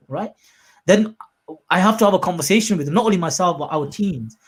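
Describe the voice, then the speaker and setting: Guy hosting a podcast, animated, keeps acting out quotes louder. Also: sits high, fairly quick, slightly rough. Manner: animated, acts out quotes in a raised voice. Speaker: podcast host. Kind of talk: casual podcast chat.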